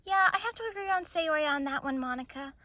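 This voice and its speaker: A woman voicing anime schoolgirls at a sleepover in a plush toy video, with excitable, quick back-and-forth chatter. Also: high voice, no echo. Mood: lively.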